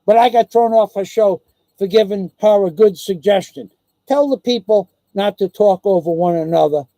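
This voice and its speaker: A vlogger with a high-pitched, mellow voice rants angrily into his own video at a moderate pace, recorded dry. Furious, he swears constantly and mocks the people he's complaining about.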